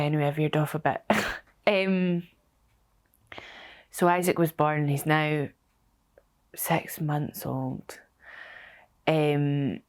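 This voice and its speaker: A young woman telling her story as a bereaved mother, halting and emotional, with many restarts. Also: low-pitched, a little mellow, smooth. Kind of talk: personal testimony.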